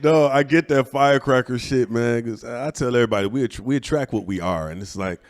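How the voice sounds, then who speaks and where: A man hosting a podcast in casual chat, blunt and profane, with quick agreeing fillers. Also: mid-range voice, no room sound, studio quality. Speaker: podcast host.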